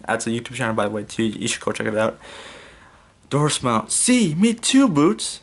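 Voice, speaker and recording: A man's voice: on the low side, steady tone, fast, creaky, a bit bright. Young man casually reading a fan story. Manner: casual, stumbles and restarts. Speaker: YouTube fan fiction reader. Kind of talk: casual read-aloud narration.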